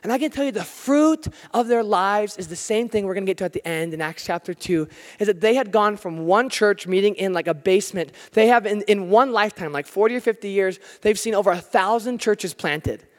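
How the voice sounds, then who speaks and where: An American man preaching a sermon, telling stories with animated, self-deprecating humor. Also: high voice, a little fast. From United States. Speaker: pastor. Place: church hall. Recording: long hall reverb.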